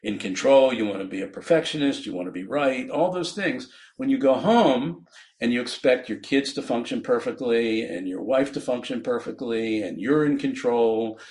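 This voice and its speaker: A man's voice: medium pitch, animated, moderate pace, a little mellow. A man, a physician guest on a podcast, explaining his ideas earnestly with frequent laughs and restarts.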